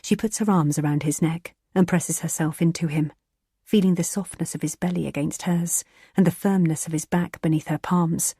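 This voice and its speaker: Husky woman narrating a thriller. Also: lowish voice, steady tone, moderate pace, mellow, no room sound, clean studio sound. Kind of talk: scripted audiobook narration.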